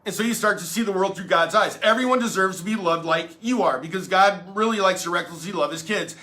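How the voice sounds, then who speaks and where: A man's voice: high voice, fairly quick, sharp tone. A man pastor giving a casual storytelling sermon, earnest and playful, with many fillers and restarts.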